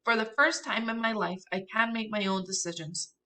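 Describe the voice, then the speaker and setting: A woman's voice: medium pitch, steady tone, moderate pace, pushed and bright, far from the mic, close to an everyday voice. A woman voicing a carefree, cheerful young girl who speaks breezily and boldly. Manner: breezy, reassuring.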